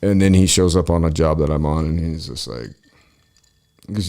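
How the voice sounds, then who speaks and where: Casting note: man, forties, very low voice, rambling and profane storyteller on a chat show. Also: a little fast, creaky, darkish tone. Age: 40s. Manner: rambling, profane, lots of fillers and restarts. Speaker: podcast host.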